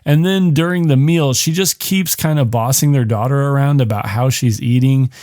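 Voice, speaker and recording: A man hosting a podcast recaps a film in a casual, meandering way. His voice sits at an ordinary middle pitch. He swears freely and fills his sentences with "like" and "you know". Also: normal speed, darkish tone. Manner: rambling, profane, heavy on "like". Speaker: podcast host.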